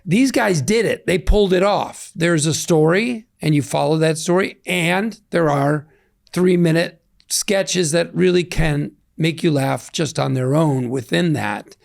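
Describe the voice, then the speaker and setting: Gravelly-voiced man in his sixties. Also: fairly high pitch, unhurried, dry recording, clean studio sound. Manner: reflective, rambling, self-deprecating. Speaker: interview guest. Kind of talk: casual interview talk.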